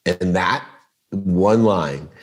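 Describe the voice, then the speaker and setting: A man's voice: low-pitched, drawn-out words. A middle-aged man telling a story in a casual podcast interview, acting out the lines of the people in it. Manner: animated storyteller, acts out quoted dialogue. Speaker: podcast guest.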